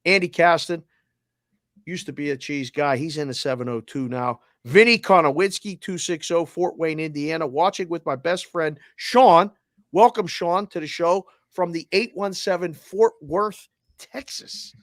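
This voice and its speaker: A man with a Boston accent hosting a sports talk show, running through listener names and places with energetic, casual shout-outs. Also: on the high side, a little slow, dry recording, clean studio sound. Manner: energetic, shout-outs with area codes and towns. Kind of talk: roll call of listeners, casual.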